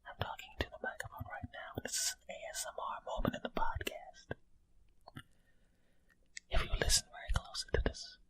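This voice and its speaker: A man voicing an odd street tough in a whispered role-play, his voice a soft, breathy whisper with a slow, hushed, intimate delivery. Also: extremely high pitch, monotone, voice pushed up.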